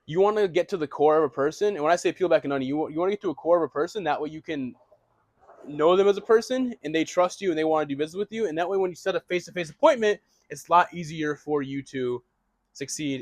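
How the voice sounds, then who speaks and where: A young man giving a casual, energetic real estate lesson, restarting phrases and swearing now and then. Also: fairly high pitch, fast, no echo. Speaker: real estate wholesaling instructor.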